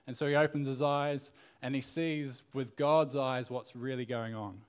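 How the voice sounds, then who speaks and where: A man's voice: mid-range voice, fairly even intonation, a little slow, few pauses, smooth. A man giving a casual sermon, retelling a Bible story in a conversational way with frequent fillers and restarts. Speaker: preacher.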